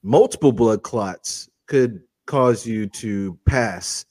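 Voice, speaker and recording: A man's voice: on the low side, takes it slowly, no room sound. Laid-back man co-host, dry close sound. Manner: relaxed, hesitant, many fillers and restarts. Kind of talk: casual family podcast chat.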